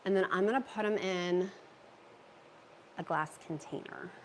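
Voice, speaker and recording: A chatty, bubbly woman hosts a casual livestream from her home kitchen. Her voice sits a bit low for a woman. She talks into a handheld phone as she reads out viewer comments. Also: measured pace, slight background noise. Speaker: livestream host. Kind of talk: casual livestream chat while meal prepping.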